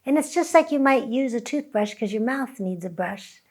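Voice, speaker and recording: A woman who teaches chanting, talking reflectively and softly, now and then breaking into chant. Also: a little high, expressive, normal speed. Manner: soft-spoken, breaks into sung chant.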